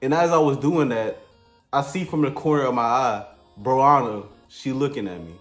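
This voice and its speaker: A man's voice: mid-range voice, moderate pace. A man telling a crude comedic story in a laid-back, slangy, rambling way. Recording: echoey room with faint music.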